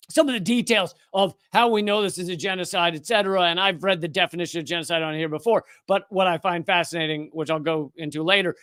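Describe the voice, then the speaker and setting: A man's voice: sits high, fairly bright tone, dry recording, clean studio sound. A man hosting a live-streamed commentary show, rambling and correcting himself, with sarcastic asides. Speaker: political commentator host.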